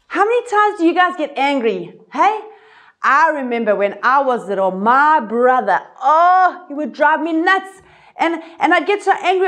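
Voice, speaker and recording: Lively, high-voiced woman teaching kids. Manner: expressive, acts out voices and sound effects. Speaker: children's ministry teacher. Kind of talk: animated Bible lesson for kids.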